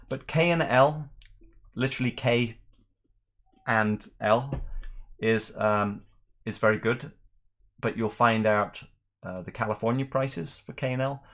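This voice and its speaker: A middle-aged man from Northern Ireland, with an accent mixed with English, hosting a relaxed whisky livestream and chatting through viewer questions. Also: fairly low pitch, measured pace, long pauses. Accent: mixed Northern Irish and English. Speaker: whisky channel host. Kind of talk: casual livestream chat.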